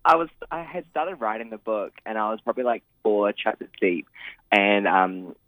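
A man's voice: lowish voice, moderate pace, fairly bright tone, no room sound. A man, an author talking casually in an interview, chatty and rambling with many fillers. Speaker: author guest. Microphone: phone. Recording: tinny phone line.

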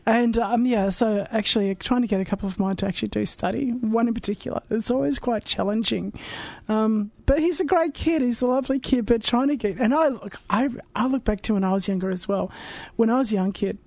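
A woman's voice: a little high, brisk, a little mellow, no echo. An upbeat woman talking casually as a community radio co-host and moving between banter and announcements. The sound is close and dry, recorded in the studio. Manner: chatty and upbeat, reads station announcements. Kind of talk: casual chat.

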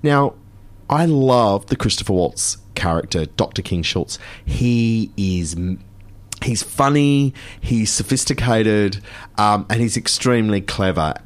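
A chatty man co-hosts a radio show, reviewing films with gushing enthusiasm. His voice sits low, but he swoops up and down in pitch all the time. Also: expressive, measured pace. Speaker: radio co-host. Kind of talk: casual radio chat and film review. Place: radio studio.

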